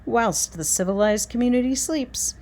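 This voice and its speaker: A woman's voice: fairly high pitch, normal speed, darkish tone. Pompous gloating crook guy from a storybook, woman doing the voice. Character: boastful grown man art thief.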